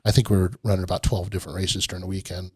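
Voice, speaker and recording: A man's voice: low voice, level tone, very fast, a little mellow, slightly rough, dry recording. A middle-aged man, a podcast guest, telling a long rambling story in a casual interview and laughing often. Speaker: podcast guest, off-road park owner.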